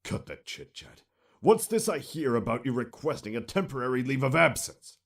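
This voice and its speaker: A furious military chief growls out commands in a deep, ferocious voice, as a man puts him on. The tone is gravelly and raspy, and it swings hard up and down as he barks. It fits an audiobook read by one narrator. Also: sing-song, normal speed, heavily acted. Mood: angry. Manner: barking, commanding.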